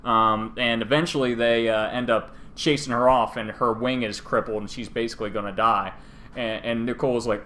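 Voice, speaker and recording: Male podcast co-host, mid-pitched, loose jokey recap with quick character voices. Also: fairly bright tone. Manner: jokey, rambling retelling with put-on character voices.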